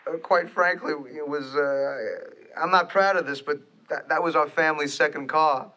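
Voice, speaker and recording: A man playing himself in a deadpan hospital comedy sketch. He speaks in a halting, weary way and stammers often. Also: on the high side.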